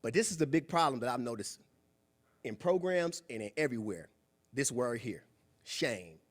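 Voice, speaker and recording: A young man giving a preachy, animated motivational talk at a club meeting, acting out quoted voices. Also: mid-range voice, normal speed. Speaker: guest speaker. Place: meeting room.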